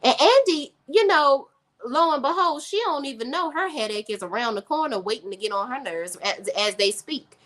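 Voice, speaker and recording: A woman's voice: sits high, animated, moderate pace, fairly bright tone. A woman hosting a casual live stream, recapping a TV drama and chatting sassily with her viewers. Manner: chatty, sassy, reads chat aloud. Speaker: TV recap host.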